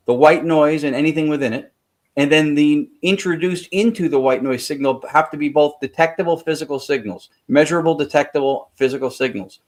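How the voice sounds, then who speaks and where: A man speaking as a podcast guest, explaining technical ideas at length in casual chat, with frequent fillers and restarts. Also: on the high side.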